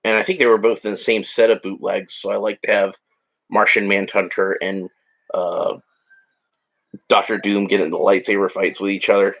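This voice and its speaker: Low, laid-back guy chatting through a toy build, wandering off into jokes. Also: level tone, normal speed, fairly bright tone. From United States. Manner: chatty, rambling, joking asides. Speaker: hobby vlogger. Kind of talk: casual narration while building a toy set.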